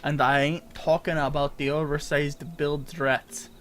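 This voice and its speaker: A man reading game dialogue aloud as a blunt, rough-talking dockside woman, with loud, stumbling delivery. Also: on the high side, flat delivery, unhurried.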